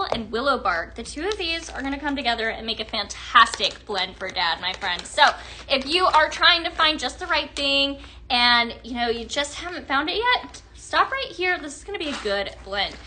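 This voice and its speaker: A woman hosting a live shopping stream, gushing in an upbeat sales pitch to viewers she calls her friends. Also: expressive, moderate pace, bright, forceful tone, slight background noise.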